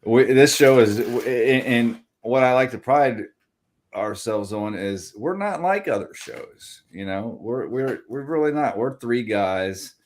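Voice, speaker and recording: A man's voice: mid-range voice, animated, a little slow. A man co-hosting a sports podcast in casual chat, blunt and swearing freely. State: voice still deep from shouting. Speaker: podcast co-host.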